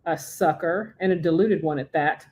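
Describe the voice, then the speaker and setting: A woman voicing a sharp-tongued, hungover young woman with a snappish, irritated manner while reading aloud from a novel. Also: deep voice, moderate pace, slight background noise, close to an everyday voice.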